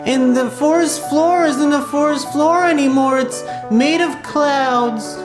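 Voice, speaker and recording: Playful high-voiced woman telling a story. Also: takes it slowly, echoey room, over music. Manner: rambling, playful, with fillers and asides. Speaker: children's storyteller in clown character. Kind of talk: improvised children's story narration.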